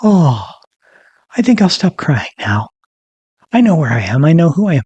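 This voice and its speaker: A man's voice: fairly high pitch, big pitch swings, moderate pace, darkish tone, slightly rough, no echo, muffled recording, heavily acted. A man voicing a newborn baby boy in an exaggerated, mock-dramatic way. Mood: calm. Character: newborn baby boy, frightened then soothed.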